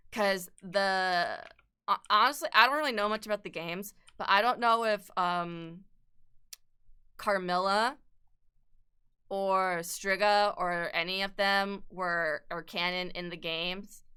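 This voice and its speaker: A woman's voice: mid-range voice, bright, forceful tone, clear, resonant tone. A young woman chatting casually as an art streamer while she sketches, rambling, swearing a lot and laughing often.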